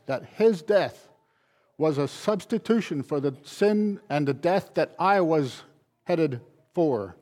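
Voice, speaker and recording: A man's voice: a little high, a little mellow. Man preaching with emphatic repetition. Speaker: pastor. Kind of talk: sermon.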